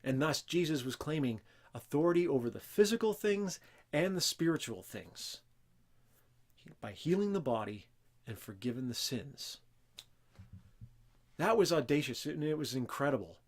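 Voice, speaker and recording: A man's voice: fairly high pitch, animated, normal speed, pauses often. A man hosting a Christian teaching show, talking earnestly and emphatically without a script and breaking into raised voices when he quotes scripture. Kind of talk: unscripted religious teaching talk.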